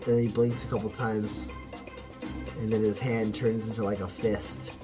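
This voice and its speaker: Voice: mid-range voice, level tone, a little slow, music in the background. A game master narrating a tabletop game in rambling, filler-heavy speech, often breaking into laughter.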